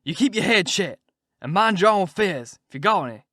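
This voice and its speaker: Man voicing snarling old swindler king, storybook, shouting, higher pitch, dry sound. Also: lively intonation, moderate pace, no room sound. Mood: furious. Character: angry blustering old male con man king.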